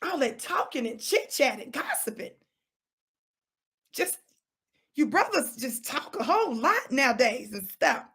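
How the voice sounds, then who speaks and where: High, gravelly woman ranting. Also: unhurried, pauses often. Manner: animated and preachy, repeating words for emphasis; teasing, breaks into laughter. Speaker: talk show host. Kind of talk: opinionated commentary monologue.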